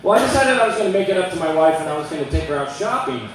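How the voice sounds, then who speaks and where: On a club stage, a man performs stand-up, telling jokes in a loose, conversational style with quick voiced asides. His voice is a little high and very animated. The room is echoey, and the mic sits at a distance.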